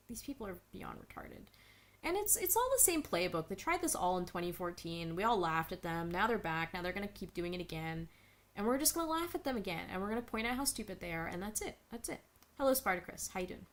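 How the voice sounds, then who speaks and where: A woman's voice: medium pitch, very animated, fairly quick, fairly bright tone. A young woman streaming, ranting in a profane, exasperated way and answering chat messages. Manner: reads chat messages aloud and answers them. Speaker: streamer reacting to news. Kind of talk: live-stream commentary.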